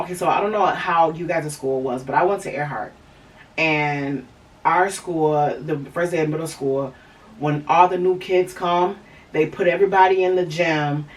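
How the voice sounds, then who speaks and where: A woman's voice: low voice, far from the mic, rough recording. A woman hosting a podcast, telling a candid personal story in a rambling way, with lots of fillers and restarts. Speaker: podcast host.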